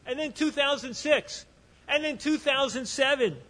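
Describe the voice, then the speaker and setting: A man's voice: very high-pitched, moderate pace, pushed and bright, in a large hall. A man speaking on a panel at a conference, telling a story with animation and often restarting his sentences. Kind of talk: conference talk.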